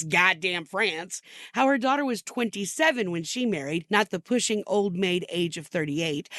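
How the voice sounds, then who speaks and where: This is an older woman voicing a mother of the bride who is fed up and sarcastic. She speaks at a middle pitch, close to the mic with no room sound. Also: fairly bright tone, dry recording. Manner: sardonic, exasperated. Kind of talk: comic dramatic monologue.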